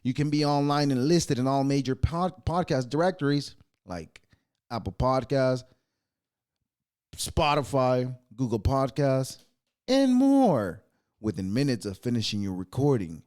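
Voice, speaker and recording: A man's voice: mid-range voice, big pitch swings, measured pace, darkish tone. A man hosting a solo podcast, reading ad and holiday copy aloud, stumbling over words, laughing at himself and swearing offhand. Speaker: podcast host.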